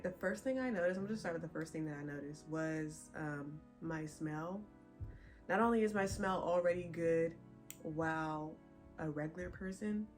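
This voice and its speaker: A young pregnant woman chatting casually to her viewers, laughing often as she tells a story. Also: deep voice. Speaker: vlogger. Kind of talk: casual chat.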